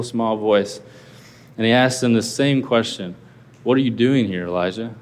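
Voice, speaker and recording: A male pastor delivers an earnest sermon and keeps turning to his listeners with rhetorical questions. His voice sits at a middle pitch. The sound carries the long reverb of a large hall.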